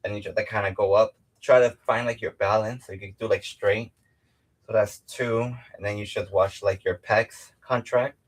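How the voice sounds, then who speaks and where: A man's voice: fairly low pitch, steady tone, normal speed. A young man casually talking through a home workout, rambling with lots of fillers and counting his reps aloud. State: out of breath at times. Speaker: fitness vlogger.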